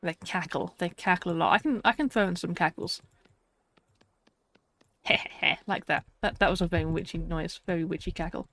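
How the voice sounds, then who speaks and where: A woman's voice: lowish voice, quick pace, hardly any pauses, no echo. A woman streaming a survival game, chatting to viewers and talking herself through tasks, laughing often. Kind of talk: casual live-stream chat.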